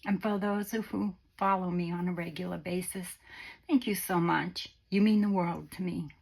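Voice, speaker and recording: A woman hosting a crafting vlog, talking gently and sentimentally to her viewers while unwell on antibiotics. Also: lowish voice, steady tone, moderate pace, gravelly, husky. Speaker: crafting channel host. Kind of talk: casual vlog chat to viewers.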